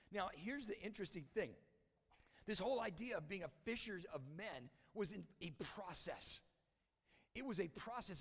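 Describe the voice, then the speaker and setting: Gravelly-voiced male pastor preaching in a hall. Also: high voice. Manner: conversational preaching, dropping to hushed intensity. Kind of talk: sermon. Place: church sanctuary.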